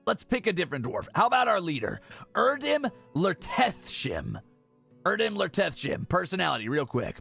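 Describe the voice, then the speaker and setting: A man streaming a game in casual commentary, reading game text aloud with excited asides. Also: sits high, moderate pace, gravelly, soft background music.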